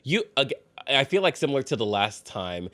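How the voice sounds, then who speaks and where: A man hosting a show reacting to relationship posts, talking casually with sass and high-pitched bursts of laughter. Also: moderate pace, no echo. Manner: animated, sassy, bursts into high-pitched laughter and mocking voices. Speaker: host reacting to reddit posts. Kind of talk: casual commentary.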